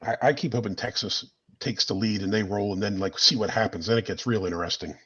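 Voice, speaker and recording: A man's voice: on the low side, fast, a bit bright, breathy edge, muffled recording. A man co-hosting a live beer stream, chatting casually with jokey asides. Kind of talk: casual chat.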